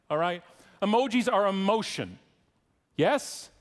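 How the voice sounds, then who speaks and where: A man giving a conference keynote speech, an irreverent, joking storyteller with rapid, animated asides. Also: high-pitched. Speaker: keynote speaker.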